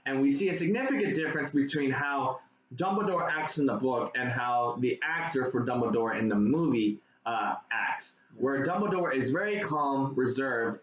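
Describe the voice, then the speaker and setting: Man, casual movie review, rambling with fillers, roomy muffled sound. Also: mid-range voice. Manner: rambling, retells scenes with many fillers. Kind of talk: casual chat. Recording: echoey room, dull lo-fi sound, faint noise.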